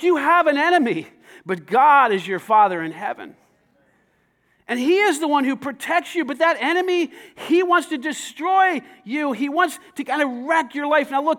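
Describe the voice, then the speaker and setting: A man preaching to his church, talking conversationally with many rhetorical questions and rising to shouts. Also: high-pitched. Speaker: pastor. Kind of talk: sermon.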